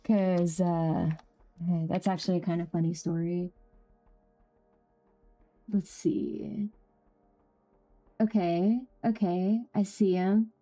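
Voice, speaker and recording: A young woman streaming a game, chatting casually with viewers, laughing easily and jumping up high when something amuses her. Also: fairly even intonation, slow pace, pauses often, dark tone, soft background music. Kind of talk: casual live-stream chat.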